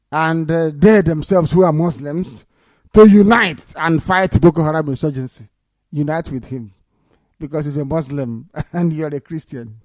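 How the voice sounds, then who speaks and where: Male radio broadcaster, Nigerian Igbo accent, high-pitched, sarcastic and fiery, dry studio sound. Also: a little slow, long pauses, no room sound. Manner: sarcastic, laughs often, mixes Igbo into English; swings into loud indignant outbursts. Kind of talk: mocking news commentary.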